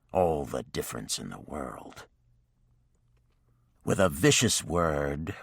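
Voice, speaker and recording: A man reading a romance novel aloud in scripted audiobook narration, with a measured, even delivery on a close microphone. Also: very deep voice, no room sound.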